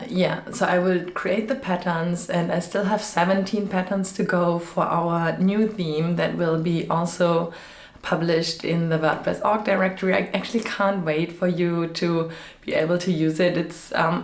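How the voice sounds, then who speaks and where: A woman who designs web themes, talking in a rambling, chatty vlog style with lots of fillers, her voice a little off after being sick. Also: on the low side. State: voice slightly off after illness. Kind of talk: casual vlog chat. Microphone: microphone with fluffy windscreen. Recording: echoey room.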